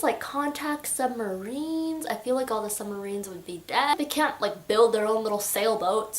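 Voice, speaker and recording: A young adult woman chatting excitedly about a book in a casual vlog, full of filler words. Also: fairly high pitch. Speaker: book reviewer.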